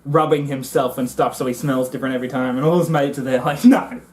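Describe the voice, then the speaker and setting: A man vlogging a comic monologue to the camera, excitable and often jumping into high voices as he acts things out. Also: quick pace. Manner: excitable, jumps into high squeaky voices when acting things out.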